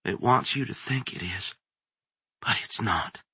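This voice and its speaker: A man's voice: medium pitch, fairly even intonation, measured pace, fairly bright tone, husky, dry recording, voice pushed up. Man doing a frightened young woman, tense, defiant through gritted teeth, horror story. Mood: desperate. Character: terrified young woman fighting back.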